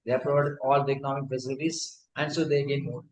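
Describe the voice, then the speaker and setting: Halting man lecturing in echoey hall. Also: mid-range voice, level tone, a little hiss or hum. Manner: halting, frequent fillers and restarts. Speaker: spiritual teacher. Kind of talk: scripture lecture. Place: temple hall.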